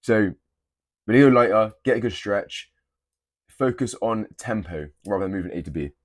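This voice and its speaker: A man's voice: on the low side, lively intonation, normal speed, no room sound. Blunt, swearing young man. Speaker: fitness creator. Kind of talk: casual gym tips to camera.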